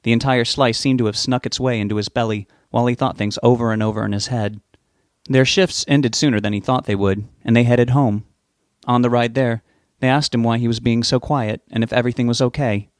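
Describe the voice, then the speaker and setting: A man narrating a novel as an audiobook reader, giving the characters' lines small lifts in pitch. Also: steady tone, a little fast, no echo, studio quality.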